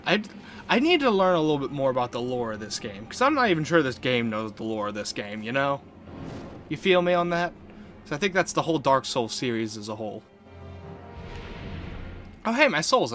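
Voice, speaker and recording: An excitable man talks through a video game with a fairly high, lively voice that swings up and down. He exclaims often and swears freely as he plays. Faint game music hums behind him. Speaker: video game let's-player. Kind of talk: casual gameplay commentary.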